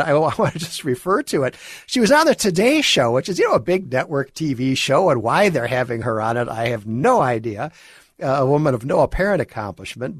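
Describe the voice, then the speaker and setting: A man holds forth on talk radio in a wry, chuckling monologue, often circling back and restarting his phrases. His voice sits at an ordinary middle pitch. He speaks close to the microphone in a dry, dead studio. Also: dry recording. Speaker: radio guest host.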